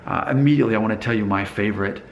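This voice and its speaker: A man's voice: lowish voice, racing, creaky, echoey room, slight background noise. An American man talking casually to camera, thinking aloud, with frequent fillers and restarts. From United States. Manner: thoughtful, hesitant, with many fillers and restarts. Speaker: vlogger.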